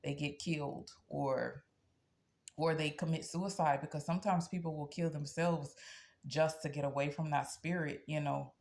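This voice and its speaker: Low gravelly-voiced woman. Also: steady tone, normal speed, darkish tone. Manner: tags nearly every sentence with "okay?"; earnest and blunt, telling a personal story. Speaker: spiritual practitioner and channel host. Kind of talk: casual talk to camera.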